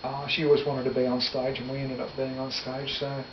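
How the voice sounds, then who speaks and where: A man's voice: medium pitch, monotone, fairly quick. A middle-aged man, a musician reminiscing in a casual interview, rambling and correcting himself as he goes. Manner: rambling, self-correcting, laughs easily. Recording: echoey, distant, dull, loud noise.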